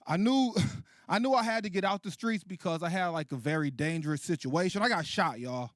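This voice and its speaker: A man in his late thirties doing a stand-up comedy set, animated and profane, laughing at his own jokes. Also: high-pitched, brisk, dry recording, clean studio sound. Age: 30s. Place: comedy stage.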